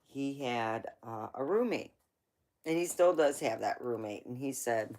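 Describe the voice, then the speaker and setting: A woman's voice: a bass voice, animated, measured pace, darkish tone. A woman hosting a livestream, telling rambling family stories in a chatty way with asides. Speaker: livestream host. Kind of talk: casual storytelling.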